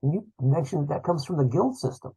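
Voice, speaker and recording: A man hosting a book show, asking measured, thoughtful interview questions. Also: a little high, lively intonation, mellow, breathy edge, poor audio.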